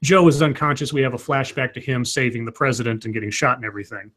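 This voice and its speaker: A man's voice: medium pitch, steady tone, fast talker, a bit bright. A man co-hosting a casual chat, retelling a movie scene by scene with lots of restarts and acted-out quotes. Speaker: podcast co-host recapping a movie.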